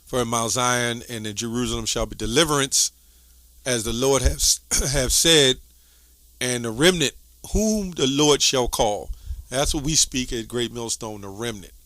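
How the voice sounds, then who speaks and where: Bright-voiced man teaching scripture. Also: medium pitch, normal speed, no echo. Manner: conversational, tags lines with "right?"; clears throat often. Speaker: Bible teacher. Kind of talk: casual scripture commentary.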